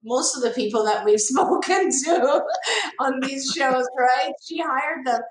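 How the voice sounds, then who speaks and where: Woman, host, earnest, effusive, fairly high pitch, roomy echo. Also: measured pace, a loud crowd. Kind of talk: warm appreciative conversation.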